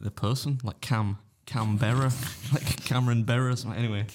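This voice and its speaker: A man's voice: medium pitch, steady tone, fast, noisy background. Joking man who swears freely. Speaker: podcast co-host. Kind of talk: casual chat.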